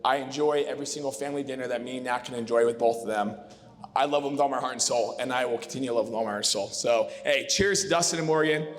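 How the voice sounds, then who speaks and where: A man's voice: medium pitch, fast. A man in his thirties giving an emotional, heartfelt wedding toast as best man, rambling with fillers. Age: 30s. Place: wedding reception hall. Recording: long reverb of a reception hall.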